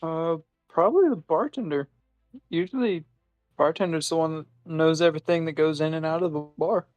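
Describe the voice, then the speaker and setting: A man playing a tabletop game, joking with a hesitant, halting manner. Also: fairly high pitch, no room sound, muffled recording, faint music behind. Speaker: player.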